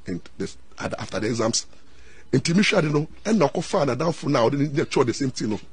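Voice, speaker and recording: A middle-aged Ghanaian man and lawyer, telling stories in an excitable way, mixing Twi and English and repeating his words. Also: on the high side, a little fast, slightly rough. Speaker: lawyer and commentator. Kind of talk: animated storytelling talk.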